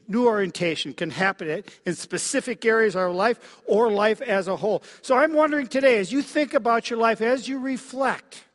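High-voiced man preaching in a reverberant hall. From Minnesota, USA. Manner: reflective, halting, with many fillers and soft dips. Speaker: pastor. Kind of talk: sermon. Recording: long reverb of a large hall.

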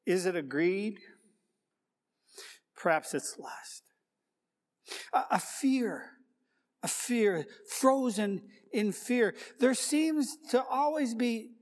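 A man's voice: sits high, sing-song, slow, pauses often. A male pastor delivering a sermon, reflective and full of rhetorical questions and repeated key words. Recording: long reverb of a large hall.

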